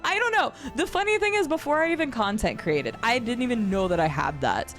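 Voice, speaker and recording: A woman streamer chatting casually with her viewers. She has a low vocal fry at the ends of her phrases, rambles, and laughs often. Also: very animated, brisk, fairly bright tone, soft background music. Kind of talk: casual live-stream chat, reading and answering chat. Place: home streaming setup.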